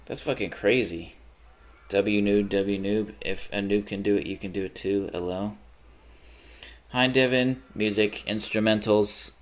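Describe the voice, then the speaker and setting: A young man with a fairly low voice chats on a live gaming stream. He rambles, curses freely, and flares up fast. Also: steady tone. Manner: rambling, profane, quick to get heated. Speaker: livestreamer. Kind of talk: casual livestream chat while gaming.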